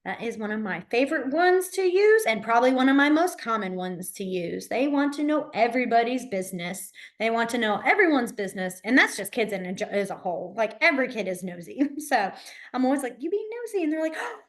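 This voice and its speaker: A young woman teaching a beginner sign language class, chatty and quick to laugh, with lots of fillers. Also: fairly high pitch, lively intonation. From Alabama. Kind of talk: casual classroom instruction.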